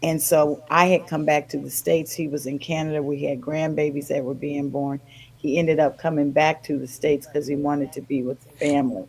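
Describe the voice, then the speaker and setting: A woman's voice: sits low, normal speed, slightly rough, poor audio. An older woman guest on a podcast, telling a personal story with feeling and acting out the voices in it. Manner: animated, acts out quoted voices.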